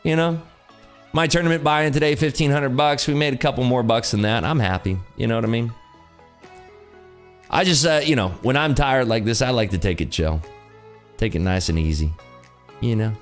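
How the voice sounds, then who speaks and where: A man's voice: medium pitch, moderate pace, long pauses, soft background music. A tired man hosting a day-trading livestream, joking and reading chat aloud in casual talk.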